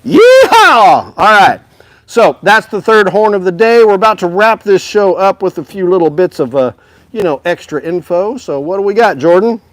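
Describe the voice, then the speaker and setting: An upbeat, chatty man hosting a live stream, talking right to his viewers with a fairly high voice. The sound is close and dry, with no room around it. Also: brisk, dry recording. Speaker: host of a live music store show. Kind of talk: casual live-stream sales chat.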